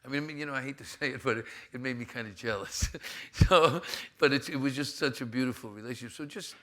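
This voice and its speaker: Bright-voiced man interviewing. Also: mid-range voice, fast. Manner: eager, interjecting with questions. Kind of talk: casual chat.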